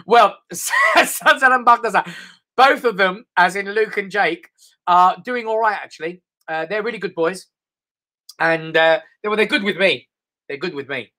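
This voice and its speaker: A man's voice: high-pitched, moderate pace, pushed and bright. A middle-aged man with an English accent doing casual, rambling live stand-up comedy to an online audience. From England. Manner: chatty, rambling, mimics voices.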